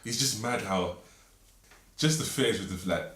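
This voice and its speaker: A young man with a London accent and a fairly low voice talks things through earnestly, like a friend giving advice. The room around him is bare and echoey. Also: animated, unhurried, fairly bright tone, slight background noise. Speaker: podcast co-host. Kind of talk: casual chat.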